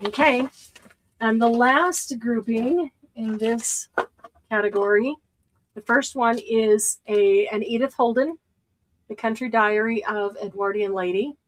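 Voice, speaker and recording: A woman's voice: fairly high pitch, slow pace, rough recording. A woman hosting a casual live-stream craft sale, chatting as she shows items and counts stock.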